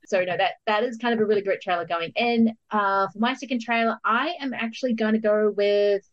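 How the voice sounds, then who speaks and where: A woman's voice: mid-range voice, dull audio. Chatty woman hosting a film podcast. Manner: chatty, quick agreeing interjections. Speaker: podcast host. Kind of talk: casual film podcast chat.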